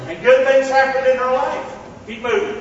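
A man's voice: very high-pitched, level tone, normal speed, a little hiss or hum. A man preaching a sermon as pastor, calling on the congregation to repeat phrases back to him. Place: church hall. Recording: echoey hall from far off, dull sound.

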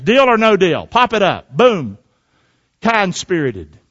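A middle-aged pastor delivers a sermon in a high-pitched male voice, drawing the congregation in with questions and calls for agreement. The recording sounds muffled and lo-fi. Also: wildly swooping pitch, slow, fairly bright tone. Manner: call-and-response preaching with frequent "amen?".

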